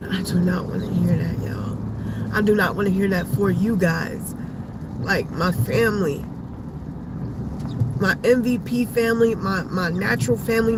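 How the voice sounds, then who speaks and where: A woman's voice: mid-range voice, noisy background. A woman hosting a live stream, talking to viewers about faith in an emphatic, repetitive, preachy way. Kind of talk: casual faith talk to viewers.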